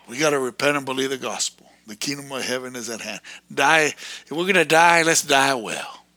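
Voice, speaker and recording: A man ranting in a fiery, erratic preaching monologue, breaking into sudden shouted bursts. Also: medium pitch, normal speed, dry recording.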